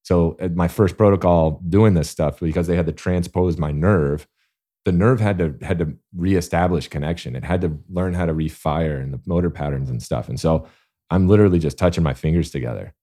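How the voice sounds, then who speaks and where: Deep, mellow male athlete telling stories. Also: brisk. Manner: earnest, animated storyteller. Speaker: guest, Olympic athlete. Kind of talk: casual interview storytelling.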